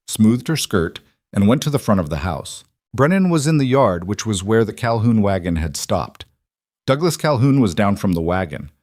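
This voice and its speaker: Lowish dry male storybook narrator. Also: no room sound. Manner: measured, even storytelling.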